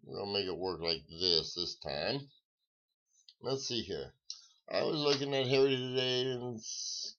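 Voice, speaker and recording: A live-stream coin seller chats casually with his viewers, answering their comments in a drawling, folksy way. His voice is fairly low, expressive, a little slow and fairly bright. The stream audio sounds dull and lo-fi.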